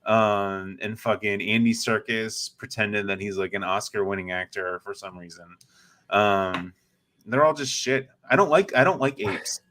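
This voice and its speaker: A man's voice: lowish voice, moderate pace, bright, forceful tone. A man co-hosting a casual podcast chat, laid-back and blunt, swearing freely. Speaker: podcast co-host.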